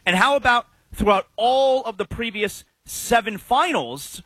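Man, sports talk host, high voice, husky, dry studio sound. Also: a little slow, no echo. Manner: animated, opinionated.

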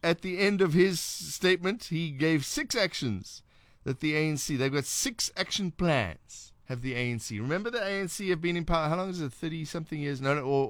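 A man with a South African accent hosts a late-night radio talk show, speaking wryly and sarcastically, with many restarts. His voice is on the high side, expressive and brisk. The studio microphone picks it up with no echo.

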